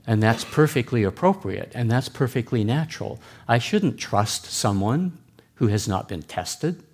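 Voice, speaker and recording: A man preaching a sermon at a church, earnest and deliberate as he explains. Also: mid-range voice, lively intonation, a little mellow, a little hiss or hum. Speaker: pastor.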